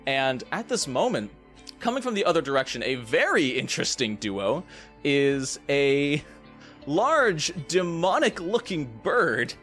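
A man's voice: a little high, sing-song, a little slow, fairly bright tone, soft background music. A man running a tabletop game as game master, narrating scenes vividly and with suspense. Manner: vivid, suspenseful description with playful asides.

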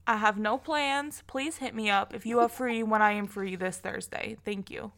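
Giggly young woman, bright voice. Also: medium pitch, normal speed, vocal fry. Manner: giggly, swears often, gushing. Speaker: podcast co-host. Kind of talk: casual chat. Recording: cheap echoey microphone.

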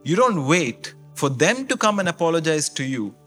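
A man's voice: a little high, big pitch swings, normal speed, a bit bright, faint music behind. A man preaching a sermon as pastor, in a conversational way that keeps checking in with his listeners.

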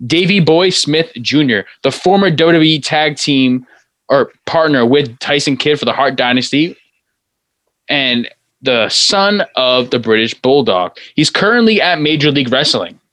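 A man's voice: medium pitch, animated, unhurried, a bit bright, dry recording. A man voicing a slangy, announcer-like wrestling-news persona that opens a top-five segment. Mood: hyped. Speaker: podcast co-host. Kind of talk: hyped segment intro.

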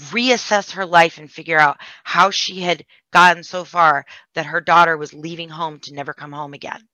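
Woman telling a family story, candid and emotional, bright tone with fry, dull dry recording. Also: deep voice, dry recording. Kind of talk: personal storytelling.

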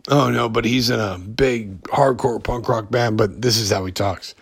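A man hosting a podcast in a rambling, profane monologue, full of halting restarts and fillers. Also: on the low side, gravelly, slightly rough. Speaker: podcast host. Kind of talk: casual ranting monologue.

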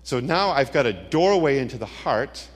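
A man's voice: medium pitch, expressive, moderate pace. A middle-aged man giving a dramatic testimony sermon, telling stories with punchy asides. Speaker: Christian speaker. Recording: long hall reverb.

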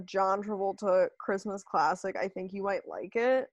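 A woman co-hosting a podcast in casual chat, joking and quick to laugh. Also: mid-range voice, dry recording. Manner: playful, jokey, quick to laugh. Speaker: podcast co-host.

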